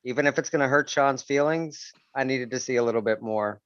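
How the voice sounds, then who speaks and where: Male judge, voice chat: smooth resonant tone, measured hesitant feedback, lo-fi sound. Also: mid-range voice, a bit bright, no room sound. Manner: hesitant, measured, starts with fillers. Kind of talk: giving feedback over voice chat. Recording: dull lo-fi voice chat.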